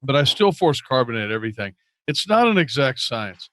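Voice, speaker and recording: A man co-hosts a casual podcast and walks through his process step by step, restarting often. His voice sits at a middle pitch. The recording is dry and close. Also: very animated, a little fast, fairly bright tone, dry recording. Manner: practical, explains his methods with many restarts. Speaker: podcast co-host.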